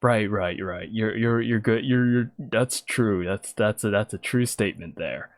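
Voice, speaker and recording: A man's voice: fairly low pitch, dry recording. A man voicing a dim, fretful bandit henchman who stammers as he talks. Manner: halting, stammering.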